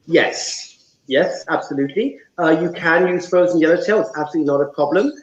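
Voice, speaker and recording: A chatty man with a plummy English accent picking up a hint of South African, laughing easily as he explains a recipe. His voice sits fairly high for a man. The sound is dull and lo-fi, in an echoey room. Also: fairly quick. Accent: English with a slight South African tinge. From Malaysia. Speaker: guest cook. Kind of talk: live cooking demonstration chat.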